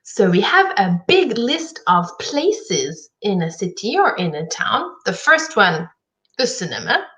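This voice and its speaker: Slow-speaking woman English teacher. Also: mid-range voice, big pitch swings, fairly bright tone. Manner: slow, clear, encouraging teacher talk. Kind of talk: live online English lesson.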